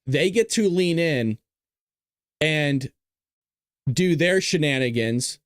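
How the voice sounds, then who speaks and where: A man's voice: on the high side, animated, slow pace, no room sound, clean studio sound. A male show host giving blunt, scornful political commentary, reacting to clips.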